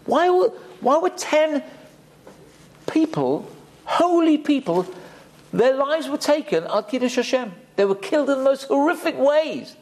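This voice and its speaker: A man's voice: extremely high pitch, big pitch swings, unhurried, a little mellow. A man giving an emphatic Torah class, dropping Hebrew terms into his talk. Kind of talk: sermon. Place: community synagogue hall.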